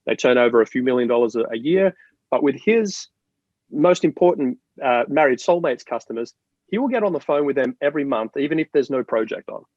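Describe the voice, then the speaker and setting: Animated australian-born man talking marketing. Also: medium pitch, brisk, no room sound, highs cut off. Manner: animated, storytelling with many restarts. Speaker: marketing guest. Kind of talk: interview conversation.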